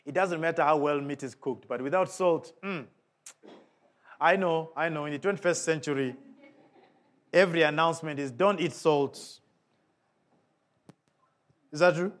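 This preacher moves at a moderate pace and pauses often, delivering his sermon emphatically. His pitch and volume rise and fall dramatically, and he keeps directing questions at the congregation.

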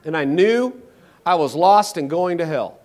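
A man preaching in a sermon, his voice sitting a little high for a man. He talks with strong emphasis, rising into loud declarations and then dropping to near hushes. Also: animated, measured pace. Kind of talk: sermon testimony.

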